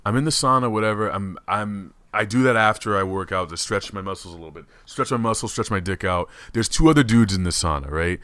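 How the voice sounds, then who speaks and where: A man hosting a comedy podcast, chatting casually in an animated, swearing, rambling way. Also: lowish voice, fast, few pauses, no echo. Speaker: podcast host.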